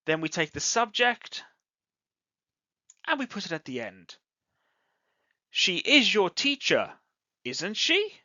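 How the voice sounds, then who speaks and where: An English teacher giving a scripted online grammar lesson, deliberately acting out example sentences with exaggerated rising and falling intonation. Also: mid-range voice, sharp tone, no echo. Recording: dull lo-fi audio, dry close sound.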